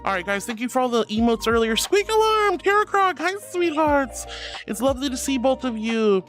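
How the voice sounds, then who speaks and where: A man with a high voice hosts a casual livestream and reads out viewer messages. He gushes and teases, and he calls everyone sweetheart, honey or darling. Soft music plays faintly behind him. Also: big pitch swings, moderate pace. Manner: gushing and playful. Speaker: streamer.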